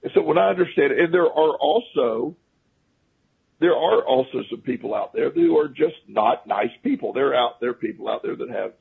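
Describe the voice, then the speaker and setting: Husky gravelly guy rambling thru a story on a tinny phone line. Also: mid-range voice, moderate pace. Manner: rambling, restarts often, chuckles at his own stories. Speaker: guest. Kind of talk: casual storytelling on a talk radio show. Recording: phone-line radio call.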